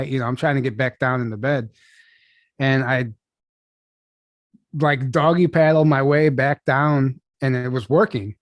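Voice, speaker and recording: Young man, casual halting storyteller, dry close sound, guest on a video call. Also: mid-range voice, no echo. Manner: casual, halting, lots of "like" and restarts. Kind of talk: storytelling in an interview.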